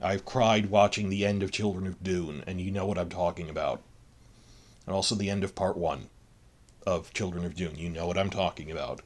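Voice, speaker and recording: A man's voice: sits low, fairly even intonation, fairly quick. A man hosting a solo podcast, rambling emotionally through a film review, restarting his sentences.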